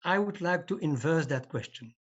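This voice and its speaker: An older man giving a formal conference talk over a video call, speaking in a measured, deliberate way. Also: fairly high pitch, animated. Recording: dull lo-fi video call audio.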